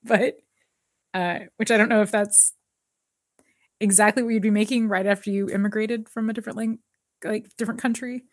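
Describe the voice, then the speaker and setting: A woman's voice: medium pitch, steady tone, fairly quick, long pauses, dry recording, studio quality. A woman co-hosting a casual podcast, chatting with lots of fillers, recapping a TV episode and reading an article aloud. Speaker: podcast co-host.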